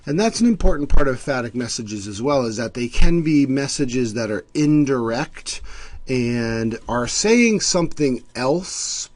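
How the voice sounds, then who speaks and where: A man's voice: mid-range voice, no echo. A male instructor giving a recorded screencast lecture, explaining terms and acting out short everyday example lines. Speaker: college instructor.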